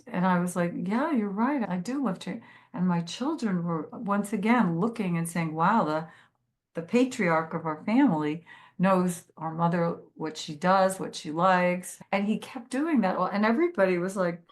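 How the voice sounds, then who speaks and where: A woman's voice: lowish voice, normal speed. A woman telling her own life story in an interview, earnest, quoting others as she goes. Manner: earnest, quotes others in lively voices. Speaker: guest. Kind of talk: emotional personal storytelling.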